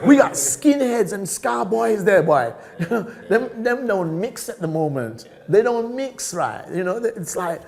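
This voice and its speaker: Animated older man telling stories. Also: high voice, measured pace, vocal fry, few pauses. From South Africa. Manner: animated, tags sentences with "right?"; laughs often while telling stories. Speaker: podcast guest. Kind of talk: storytelling in an interview.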